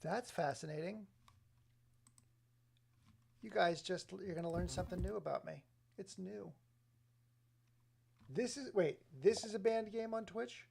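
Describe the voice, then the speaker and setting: A man live-streaming, rambling excitably to his chat viewers with frequent laughs. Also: high voice, unhurried, vocal fry, long pauses, a little hiss or hum. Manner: excitable, scattered, talks to chat, laughs often.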